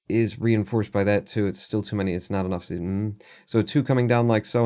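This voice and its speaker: Low-voiced man muttering through a puzzle. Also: darkish tone. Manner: mutters numbers to himself, self-deprecating asides. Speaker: live streamer. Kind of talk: casual thinking aloud while playing a puzzle game.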